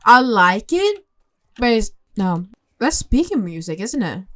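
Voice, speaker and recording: A young woman talks through a game session in casual commentary. She reacts out loud with quick exclamations and thinks aloud as she plays. Her voice sits fairly high. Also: sing-song. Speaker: gaming channel host.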